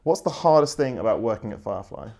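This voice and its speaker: A man with a medium-pitched voice hosting a quick-fire interview. He reads each question briskly and plainly, moving straight on to the next. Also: animated, gravelly, a little mellow, faint music behind. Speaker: host reading community questions.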